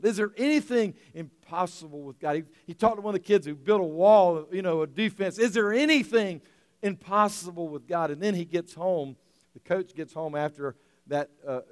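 A man preaching a sermon, telling a story with animated, emotional swells and frequent restarts. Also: mid-range voice, clear, resonant tone, no echo. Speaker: pastor.

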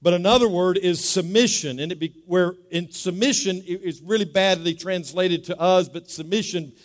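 Pastor preaching in a reverberant hall. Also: male voice, high-pitched, moderate pace. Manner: conversational, repeats words, gets congregation to echo. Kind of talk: sermon. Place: church sanctuary. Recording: long reverb of a large hall.

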